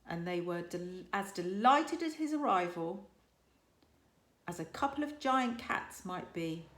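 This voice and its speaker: A primary school teacher, a woman, reading a children's story aloud with lively, expressive storytelling. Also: fairly low pitch, measured pace. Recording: echoey room.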